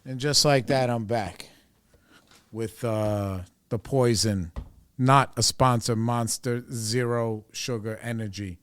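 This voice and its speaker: A man's voice: mid-range voice, fairly even intonation, slow pace, slight background noise. A man in his forties hosting a podcast, telling a personal story in a rambling, candid, profane way. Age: 40s. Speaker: podcast host.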